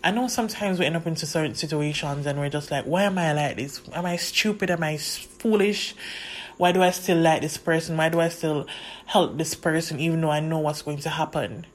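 A woman hosting a podcast, speaking earnestly and encouragingly to her listeners, slowing down on key words. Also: low voice. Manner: earnest, encouraging, slows down for emphasis. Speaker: podcast host. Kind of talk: motivational podcast talk.

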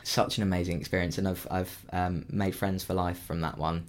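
A young man, a musical theatre performer, chatting casually and telling animated stories. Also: normal speed. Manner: animated storytelling with big pitch leaps. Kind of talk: casual chat.

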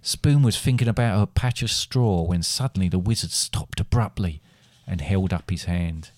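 Middle aged guy reading a goofy fantasy story, low voice, deadpan. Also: normal speed, dry recording, clean studio sound. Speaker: podcast co-host, father. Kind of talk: comic story read aloud.

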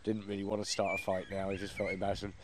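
A man telling an animated anecdote, acting out quotes and laughing as he goes. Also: low-pitched, rapid-fire, noisy background. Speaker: performer. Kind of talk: anecdote in casual chat.

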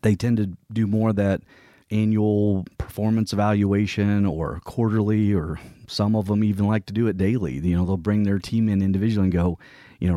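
A man's voice: on the low side, fairly even intonation, brisk, mellow, no room sound, clean studio sound. A man explaining workplace roles in an earnest, conversational way, now and then acting out what a colleague might say. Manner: earnest, explanatory, acts out quoted colleagues in passing.

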